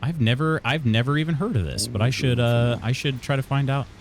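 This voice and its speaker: A man's voice: mid-range voice, brisk, gravelly, slight background noise. A man from Illinois casually chatting while streaming a video game, reading chat aloud and laughing often.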